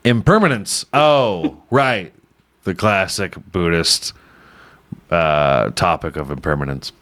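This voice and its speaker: A man's voice: low-pitched, slow, fairly bright tone. A man hosting a podcast, riffing casually and irreverently on news stories, swearing often and laughing at his own jokes. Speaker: podcast host.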